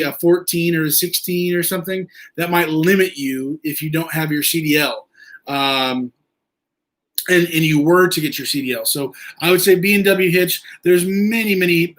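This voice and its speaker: A man hosting a casual livestream, answering viewer questions in a rambling, halting way with many fillers. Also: a little high, fairly bright tone. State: eye irritated from injury. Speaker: livestream host.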